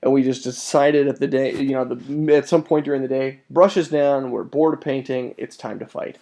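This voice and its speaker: Excitable man with a mellow voice. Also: normal speed. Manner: excitable and animated, jumping up in pitch and swearing casually. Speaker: tabletop wargaming hobbyist presenting a battle report. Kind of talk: casual battle report narration.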